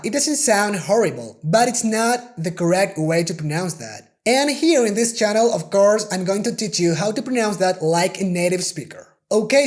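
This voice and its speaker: A man's voice: sits high, darkish tone. A man with a Spanish accent whose first language is Spanish teaches a pronunciation lesson in English. He explains patiently and repeats example words again and again to show each sound.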